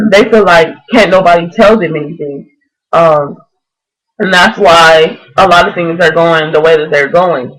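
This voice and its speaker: A woman's voice: lowish voice, a bit bright, rough recording. Fervent young woman preaching to camera. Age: 20s. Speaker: vlogger.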